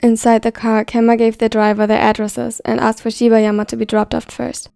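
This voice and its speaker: A woman reading a story aloud in a steady, even scripted narration. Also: fairly high pitch, brisk, gravelly, dry recording, faint music behind. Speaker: fan fiction reader.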